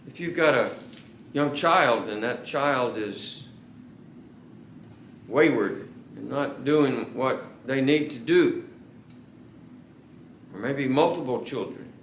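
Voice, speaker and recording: A man preaching a sermon to his congregation, earnest and slowing down to stress key words. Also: medium pitch, slight background noise. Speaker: pastor. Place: church sanctuary. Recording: echoey church room.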